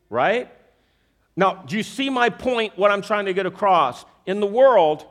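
Man preaching, high voice, animated, repeats verses, asks the crowd questions. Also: moderate pace. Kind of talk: sermon with a magic trick object lesson.

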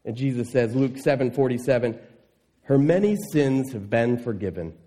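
A man preaching a sermon, reading scripture and acting out indignant voices. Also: normal speed. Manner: animated, voices indignant listeners with rising pitch. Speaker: pastor.

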